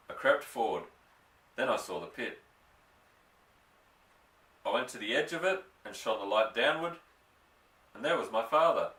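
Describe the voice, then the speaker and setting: A man narrating a children's story aloud, expressive and slowing for suspense. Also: mid-range voice, far from the mic. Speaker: audiobook reader. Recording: roomy, off-mic.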